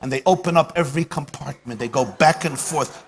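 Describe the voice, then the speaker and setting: A man's voice: mid-range voice, fairly quick. A man, a rabbi, giving a humorous lecture at a dinner, with punchy comic timing and lines repeated for effect. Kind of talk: humorous speech with jokes and stories. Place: banquet hall at a dinner event. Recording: live hall recording with long reverb and faint room noise.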